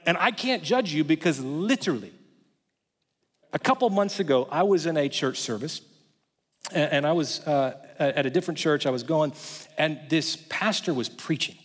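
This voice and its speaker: A male pastor preaching a sermon in a conversational way, swinging between loud passages and hushed ones. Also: fairly high pitch, lively intonation, moderate pace. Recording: long hall reverb.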